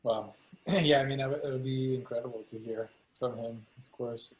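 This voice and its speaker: A man's voice: mid-range voice, fairly even intonation, moderate pace, breathy edge, low-quality recording. A man with an ordinary mid-range voice interviews a guest. He reacts eagerly and laughs along with the stories. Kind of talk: casual interview.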